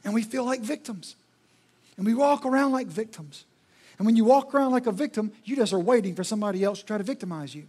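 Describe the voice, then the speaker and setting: A man's voice: high-pitched, lively intonation, fast, darkish tone, slightly rough. A male pastor preaching a sermon in an emphatic, repetitive, rhetorical style.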